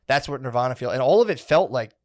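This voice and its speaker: A man on a casual comedy podcast, spinning a long, rambling story with lots of swearing and filler words. His voice sits at an ordinary middle pitch and he talks in an animated, excitable way. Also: quick pace. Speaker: podcast co-host.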